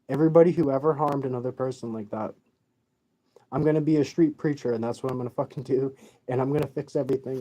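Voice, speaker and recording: Vlogger, emotional rant, swearing, tearful, rambling, dark mellow voice, mid pitch. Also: fairly even intonation, fairly quick, pauses often. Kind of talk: emotional profane rant to camera.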